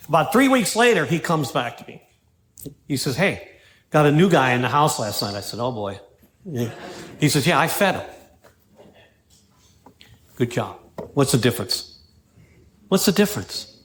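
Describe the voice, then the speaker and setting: A fairly high-pitched man from Pittsburgh, speaking as an AA speaker in a meeting room, tells stories and reads passages aloud during his recovery talk. He keeps checking in with "right?" and "you know?" over slight background noise.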